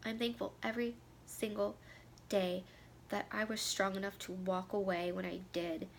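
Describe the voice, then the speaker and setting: A woman's voice: mid-range voice, little pitch movement, normal speed, creaky, a little hiss or hum. A woman in her thirties talking candidly to camera, emotional and tearful, her voice sometimes sinking to a near whisper. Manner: emotional, heartfelt, voice dropping to a near whisper at times. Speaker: vlogger. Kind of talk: candid personal talk to camera.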